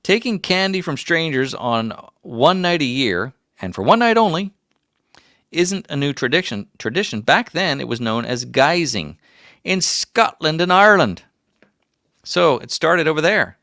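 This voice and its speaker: A man's voice: on the high side, big pitch swings, measured pace, pushed and bright, dry recording, clean studio sound, pitched above the performer's own voice, heavily acted. A man putting on the voice of a folksy old male prospector while reading out trivia. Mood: folksy, hammy.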